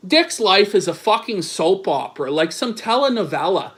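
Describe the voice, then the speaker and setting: A man's voice: high-pitched, sing-song, moderate pace, hardly any pauses, fairly bright tone. A man giving sarcastic, profanity-heavy online commentary, reading messages aloud with incredulous asides, his voice a bit strained from long talking. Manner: sarcastic, swears a lot, incredulous.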